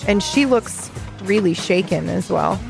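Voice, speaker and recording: A woman's voice: mid-range voice, expressive, a little slow, gravelly, music in the background. A woman co-hosting a casual rewatch podcast, chatting and narrating scenes. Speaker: podcast co-host.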